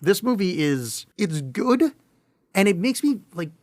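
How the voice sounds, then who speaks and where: Excitable rambling man on a podcast. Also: high-pitched, measured pace. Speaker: podcast co-host. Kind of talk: casual chat.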